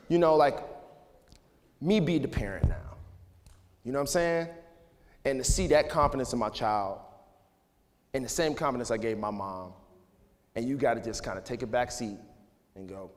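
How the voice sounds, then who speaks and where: A man in his thirties addresses an audience in a relaxed, chatty way, padding his sentences with "you know" and "like". His voice sits at an ordinary middle pitch. The sound carries a long reverb from a big hall. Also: a little fast, long pauses. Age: 30s. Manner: relaxed and conversational, full of "you know" and "like", laughs often. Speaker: speaker giving a talk to students. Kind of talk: casual, candid talk to an audience. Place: large hall.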